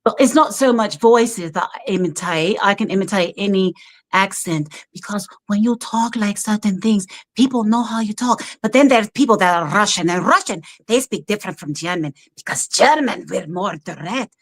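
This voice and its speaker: A woman who works as a background actor, telling stories in an animated, chatty way as a talk-show guest, often laughing. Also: mid-range voice, moderate pace. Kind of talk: casual storytelling chat.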